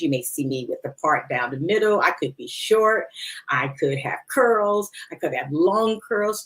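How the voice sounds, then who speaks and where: Woman, low voice, podcast host, chatty and playful, headset mic. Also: rough recording. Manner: chatty, playful, laughs often. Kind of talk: casual chat. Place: studio under lights.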